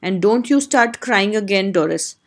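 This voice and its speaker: A woman with an Indian English accent reading the part of a sharp-tongued, domineering middle-aged mother in an audiobook play. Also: medium pitch, lively intonation, normal speed, close to an everyday voice. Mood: scolding.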